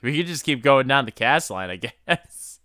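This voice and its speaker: A man co-hosting a casual podcast, with hesitant restarts and energy that starts high and quickly drops off. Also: animated, sharp tone, dry recording, clean studio sound. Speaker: podcast co-host. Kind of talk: casual chat.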